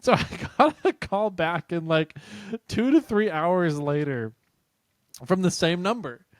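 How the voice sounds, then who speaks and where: A man's voice: high voice, expressive, a little slow, no echo, clean studio sound. A man hosting a podcast, chatting casually and retelling a funny story with laughter. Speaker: podcast host.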